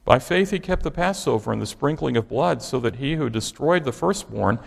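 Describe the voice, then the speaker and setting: A man's voice: mid-range voice, lively intonation, normal speed, creaky, long reverb tail. A man preaching a sermon, driving his points home with pointed rhetorical questions. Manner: emphatic, asks the congregation rhetorical questions.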